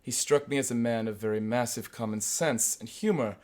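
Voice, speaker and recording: A man's voice: darkish tone, natural voice. A man reading a droll old professor. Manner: measured, dry comic delivery with sudden bursts of pitch. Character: older male professor, dry, wry, droll storyteller. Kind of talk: audiobook character voice.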